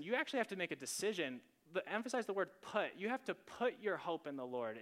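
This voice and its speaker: A man preaching a sermon as a pastor, in an earnest, animated, conversational way, often starting with "listen". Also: on the high side.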